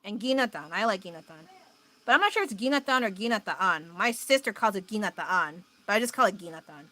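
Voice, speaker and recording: Bright chatty American woman. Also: mid-range voice, expressive, fairly quick. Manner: chatty, rambling, laughs often, answers chat. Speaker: livestreamer. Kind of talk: casual livestream chat. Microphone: phone.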